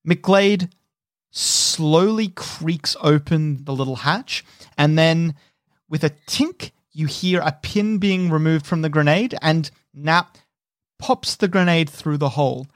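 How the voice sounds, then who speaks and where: A man narrating as game master in a tabletop role-playing game, unhurried and descriptive, with frequent restarts. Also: fairly high pitch, dry recording, studio quality.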